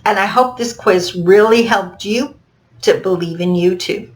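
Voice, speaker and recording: A woman's voice: medium pitch, unhurried, rough recording. A middle-aged woman teaching a recorded online course lesson, speaking to viewers in an upbeat, encouraging way. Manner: upbeat, encouraging, direct address.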